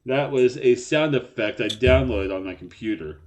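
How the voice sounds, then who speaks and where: A man's voice: mid-range voice, normal speed, darkish tone. A man co-hosting a poker live stream in casual banter, joking and self-mocking and laughing often.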